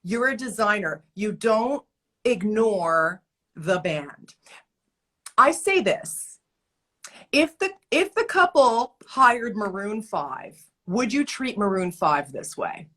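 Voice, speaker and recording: Animated woman telling stories on a video call. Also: mid-range voice, takes it slowly. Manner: animated storyteller, emphatic and exasperated. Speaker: guest, event entertainer and author. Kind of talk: casual interview chat. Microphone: remote video call.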